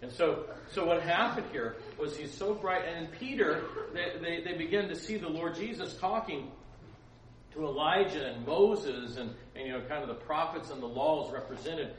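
A man teaches a Bible story to a group in a loose, chatty way, stumbling over restarts and dropping joking asides. His voice sits a little high and sounds distant from the mic. The sound is roomy, with faint ambience behind him. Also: a little fast, slight background noise.

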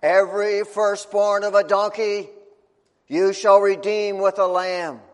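A man voicing a stern middle-aged high priest who questions and reads solemnly, in an echoey hall. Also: level tone, takes it slowly. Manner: solemn, questioning, reading out rules.

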